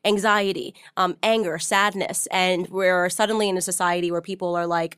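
Fast-talking woman podcast host. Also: fairly low pitch, smooth, no echo, studio quality. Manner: animated storyteller, many fillers. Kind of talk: casual interview chat.

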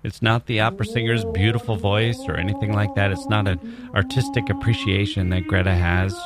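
A man hosting a podcast, reading a story in a measured, reflective way and commenting on it. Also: lowish voice, fairly even intonation, over loud music. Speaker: podcast host.

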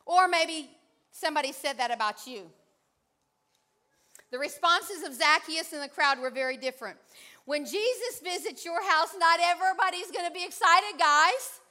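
Woman preacher, high and bright, playful call-and-response delivery. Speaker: pastor. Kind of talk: sermon.

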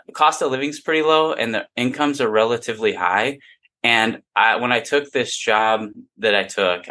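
Young guy guest on a podcast, lowish voice but bright and punchy, tells stories doing everyone's lines. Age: 20s. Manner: animated storyteller, acts out quoted dialogue. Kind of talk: casual chat.

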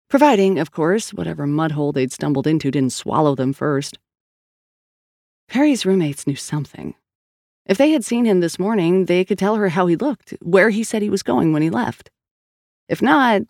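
A man narrates a story in a steady, scripted reading voice. His tone sits a little high and carries a gravelly grain. He is recorded close on a studio mic in a dry, dead room. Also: dry recording. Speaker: audiobook narrator.

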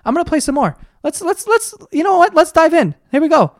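A man's voice: very high voice, sing-song, fairly quick, no echo. Profane, rambling man on a dry mic. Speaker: podcast host. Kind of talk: casual comedic rant. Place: at a computer, searching online.

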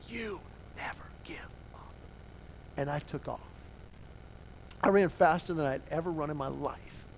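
A middle-aged male preacher with a fairly high voice tells a story in sermon style. He drops to a hush and then rises to near shouting as he acts out the dialogue. A faint hum sits behind him. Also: creaky. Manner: swings from hushed to loud, acting out dialogue.

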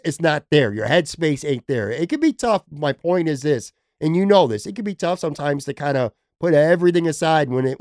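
A man's voice: medium pitch, darkish tone, dry recording, studio quality. A man hosting a podcast, talking casually and rambling with some swearing. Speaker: podcast host. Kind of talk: casual chat. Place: temporary attic room.

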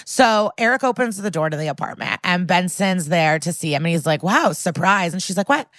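Low-voiced woman recapping a TV episode. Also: a little fast, no room sound. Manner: animated retelling, acts out quotes. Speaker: podcast co-host. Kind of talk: casual recap chat.

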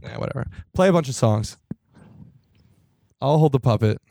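A man's voice: medium pitch, animated, normal speed, gravelly, dark tone, no room sound. A young man co-hosting a podcast, trading crude wisecracks in casual chat. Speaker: podcast co-host.

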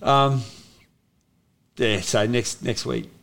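A man's voice: medium pitch, fairly even intonation, drawn-out words, creaky, fairly bright tone. An Australian man in his fifties, a former rugby league player, telling stories in a casual, rambling way with many restarts. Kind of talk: casual storytelling interview.

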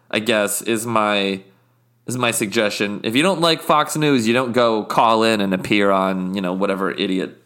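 A man's voice: fairly low pitch, a bit bright. A man hosting an improvised comedy podcast, talking in a blunt, exasperated way. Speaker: podcast host.

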